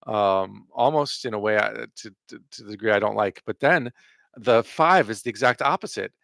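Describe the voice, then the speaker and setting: Sarcastic, swearing man with a low voice. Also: normal speed, creaky, fairly bright tone, no room sound, studio quality. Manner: profane, sarcastic rebuttals. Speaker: commentary host reacting to clips. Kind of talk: reaction commentary.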